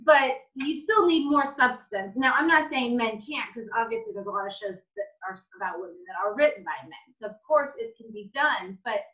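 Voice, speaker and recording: A woman interviewer talking casually and eagerly, quick to agree and cheer her guest on. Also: mid-range voice, expressive, dull audio.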